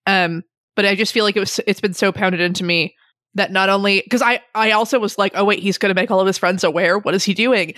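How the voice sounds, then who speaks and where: A woman's voice: medium pitch, fast, a bit bright, no room sound, clean studio sound. A woman in casual chat about a book, rambling and laughing often as she retells scenes. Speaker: book podcast co-host.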